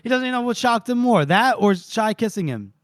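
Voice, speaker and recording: Recapping a book on a podcast he co-hosts, this high-pitched man speaks briskly in clean studio sound with no echo. He retells scenes casually, voicing characters' dialogue and laughing frequently.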